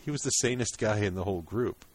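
A man's voice: on the low side, fast, dry recording. A man co-hosting a podcast, chatting casually about old episodes and laughing often as he retells the jokes. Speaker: podcast co-host. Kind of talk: casual chat.

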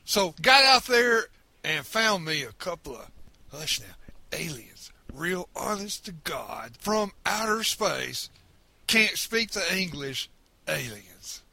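A man's voice: high voice, big pitch swings, slow, vocal fry, bright, forceful tone, dry recording, heavily acted. A man voicing a boastful hillbilly farmer with a drawl and a folksy way of talking. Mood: boasting.

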